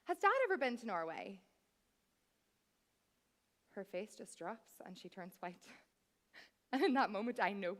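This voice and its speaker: A woman's voice: on the high side, a bit bright. A woman in her thirties, telling a comic, wry story on stage as a cabaret performer and speaking straight to the audience. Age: 30s. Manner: chatty, wry, addresses the audience directly. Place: theatre stage.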